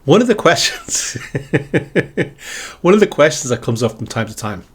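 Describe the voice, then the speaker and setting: A man with a husky, slightly breathy voice talks straight to his viewers in a reflective spiritual monologue. He circles back on his own questions again and again and speaks with open, heartfelt gratitude. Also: medium pitch, very animated, fast. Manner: musing, repetitive questioning; heartfelt, grateful. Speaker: spiritual video creator.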